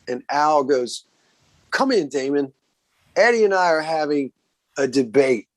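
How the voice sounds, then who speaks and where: A man with a Southern US accent, a guest musician, telling road stories in a relaxed, casual way and often saying "man". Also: fairly high pitch, measured pace, dry recording. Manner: relaxed, says "man" a lot, acts out quoted voices. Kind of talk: casual storytelling interview.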